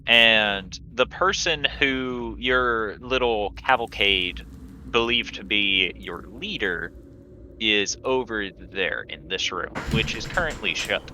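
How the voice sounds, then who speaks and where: A man's voice: fairly low pitch, slow pace, pushed and bright, a little hiss or hum, poor audio. A man narrating a tabletop game as game master, describing scenes with small restarts.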